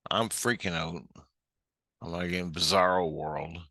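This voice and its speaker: A man's voice: sits low, fairly even intonation, measured pace, pushed and bright, no room sound, clean studio sound. A middle-aged man telling a rambling, profane story about a strange experience, agitated and full of restarts. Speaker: vlogger recounting a spiritual experience.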